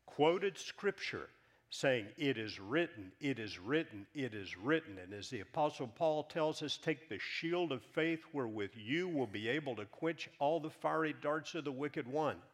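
A man preaching a sermon, reading scripture aloud with rising emphasis and dropping softer when he explains. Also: medium pitch, lively intonation. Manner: reads scripture aloud with rising emphasis, then drops soft; earnest, measured teaching. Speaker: pastor.

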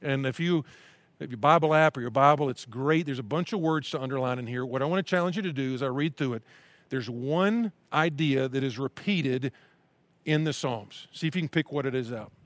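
A man's voice: mid-range voice, brisk, no room sound. Earnest preaching man, dry close sound. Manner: earnest preaching, reading scripture aloud with emphasis. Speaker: pastor. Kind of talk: sermon.

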